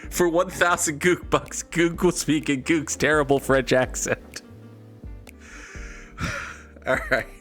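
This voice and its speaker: A man's voice: on the high side, slow, long pauses, fairly bright tone, soft background music. A man hosting a live game stream in a casual, playful way, joking around and answering his chat. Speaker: streamer and host.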